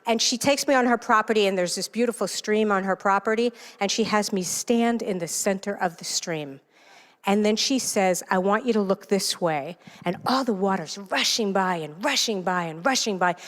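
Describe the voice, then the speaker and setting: Speaking in a church sanctuary whose large-hall reverb lingers on the recording, a self-help author from New York City tells stories to a congregation. Her inspirational talk is animated and self-deprecatingly funny, delivered at a moderate pace in a mid-range voice.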